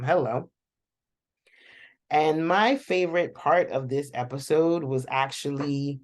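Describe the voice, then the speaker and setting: A woman hosting a casual, rambling reaction recap of a TV episode, chatting to viewers and laughing often. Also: extremely low pitch. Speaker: show reaction host.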